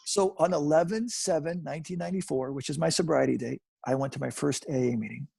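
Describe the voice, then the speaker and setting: A man in his fifties, a guest on a video call, telling his recovery story in an animated way and repeating phrases for emphasis. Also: on the high side, fast, gravelly, breathy edge. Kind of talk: personal storytelling.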